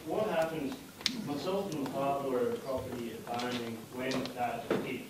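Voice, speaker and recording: A man, a local resident, explaining his view earnestly and a little haltingly at a community meeting. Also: medium pitch, steady tone. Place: community hall. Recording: very echoey hall from a distance, clear background noise.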